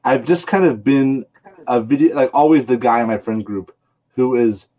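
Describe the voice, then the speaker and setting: A man's voice: medium pitch, normal speed, dark tone, dull audio. A man talking as a guest on a podcast in a casual, playful, teasing way.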